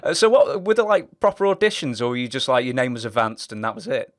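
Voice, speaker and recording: A man's voice: mid-range voice, big pitch swings, quick pace. A man interviewing a guest, asking loose, rambling questions full of fillers and laughing along. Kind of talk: casual interview.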